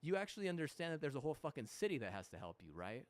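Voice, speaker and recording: A man's voice: fairly high pitch, big pitch swings, racing. Swearing young man rambling over gameplay. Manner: heavy swearing, frequent restarts and fillers; mocking mimicry of apologies. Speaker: gamer. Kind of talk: rambling gaming commentary.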